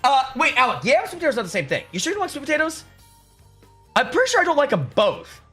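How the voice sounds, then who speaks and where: A man's voice: very high voice, wildly swooping pitch, quick pace, fairly bright tone. A young man live-streaming, chatting casually with his viewers and reading out their comments, joking sarcastically and often restarting his sentences. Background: faint music.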